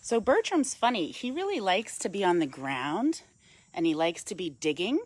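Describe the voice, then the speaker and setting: A woman wildlife educator giving a live-streamed talk outdoors on a woodland path into a handheld phone, explaining calmly to viewers and cooing softly to the bird between. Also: on the low side, normal speed, no echo.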